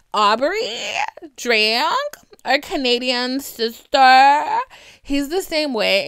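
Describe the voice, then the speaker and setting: A young woman hosting a podcast, chatting in a sassy, laughing, animated way. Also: fairly high pitch, smooth, no echo, studio quality. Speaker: podcast host. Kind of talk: casual commentary.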